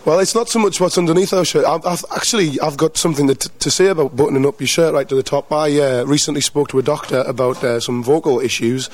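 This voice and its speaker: Dry northeast English man, fairly high voice. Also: fast talker, hardly any pauses. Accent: Mackem, northeast English. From northeast England. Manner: dry, jokey, with stammered restarts. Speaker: band member. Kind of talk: casual interview chat.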